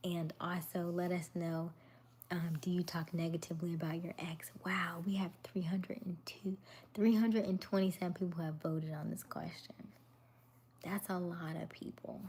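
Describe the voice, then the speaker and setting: A woman hosting a casual evening livestream, greeting viewers by name and chatting about relationships in a soft, often half-whispered voice. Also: fairly low pitch, level tone, moderate pace, breathy edge. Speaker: livestream host. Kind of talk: casual live chat reading viewer comments.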